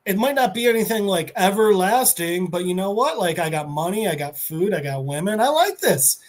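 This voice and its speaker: A smug, scheming dealmaker, put on by a man retelling a comic, boasting and wheedling. His pitch climbs high and swings wide as he sells his offer. He tosses off his lines in a slick, teasing way. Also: animated, a little fast. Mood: boastful.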